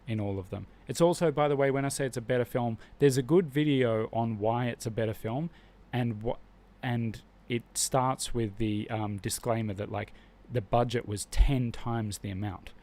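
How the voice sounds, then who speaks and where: A man's voice: medium pitch, moderate pace, hardly any pauses, a little mellow. A man hosting a live stream, talking casually and with strong opinions, rambling and restarting his sentences often.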